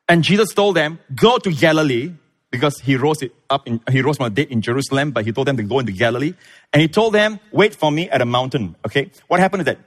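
A man preaching a sermon, retelling scripture with lively storytelling and acted-out voices. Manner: animated storytelling, acts out voices, big pitch swings. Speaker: pastor.

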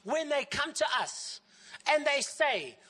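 A woman pastor preaching a sermon in a lively way, often acting out the voices of the people she quotes. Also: sits high, takes it slowly.

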